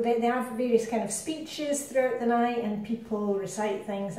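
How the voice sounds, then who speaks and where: A woman's voice: on the high side, dark tone. Chatty Scottish woman in an echoey kitchen. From Scotland. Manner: chatty, rambling, self-deprecating asides. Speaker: cooking vlogger. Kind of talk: casual cooking demonstration. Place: home kitchen. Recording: very echoey kitchen, distant mic.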